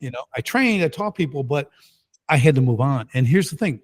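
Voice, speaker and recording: Middle-aged man, energetic guest storyteller, mid-pitched, punchy and emphatic. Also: brisk. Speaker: guest entrepreneur. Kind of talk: casual storytelling.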